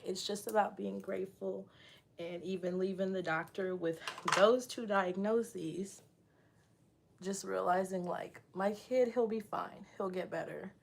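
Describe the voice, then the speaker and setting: Chatty woman with a gravelly edge. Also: medium pitch. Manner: chatty, reads and answers comments aloud. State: tired and sick, voice a little rough. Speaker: vlogger. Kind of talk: casual chat while doing her hair.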